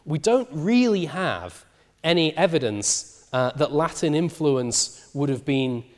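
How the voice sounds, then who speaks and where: A man giving a university lecture in a lively, animated way, with frequent ums and uhs. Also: fairly high pitch, slow pace. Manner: lively, many fillers. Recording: long hall reverb.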